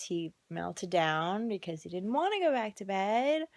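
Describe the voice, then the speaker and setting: A woman's voice: medium pitch, animated, normal speed, hardly any pauses, darkish tone, no echo. A worn-out mother telling a casual vlog story about a long night, chatty and often dropping into a whisper. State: exhausted. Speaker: mother vlogging. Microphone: phone camera.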